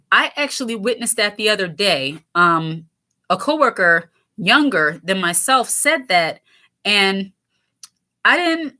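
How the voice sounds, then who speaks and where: Bright-voiced woman in her thirties chatting. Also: a little high. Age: 30s. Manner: chatty, laughs often, candid. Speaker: channel host reading viewer comments. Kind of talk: casual livestream chat.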